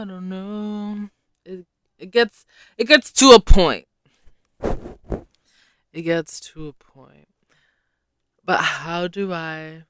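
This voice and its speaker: Slow, bright-voiced man musing aloud. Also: fairly high pitch, smooth, no echo, clean studio sound. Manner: rambling and self-deprecating, full of hesitations. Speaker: podcast host. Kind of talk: casual solo podcast chat.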